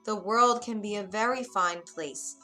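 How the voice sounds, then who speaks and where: A woman voicing a shy young woman locked in a tower for a storybook reading, soft and wondering. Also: medium pitch, a little slow, faint music behind. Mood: wistful.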